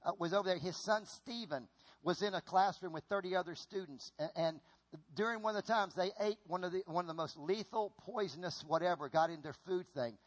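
High-voiced animated male preacher. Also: fairly quick. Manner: animated, repetitive, folksy. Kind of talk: sermon with stage demonstration.

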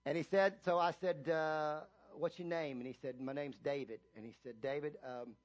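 Preaching a sermon in church, a male pastor whose voice sits a little high for a man tells a long story full of stops and restarts before building into loud, emphatic scripture reading. His intonation is fairly even, his pace moderate, and the audio dull.

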